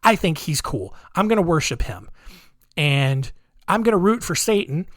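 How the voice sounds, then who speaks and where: A man's voice: a little high, sing-song, moderate pace, a bit bright, no echo, studio quality. A man voicing a dim-witted, devil-worshipping male villain in a goofy put-on voice with a strange accent.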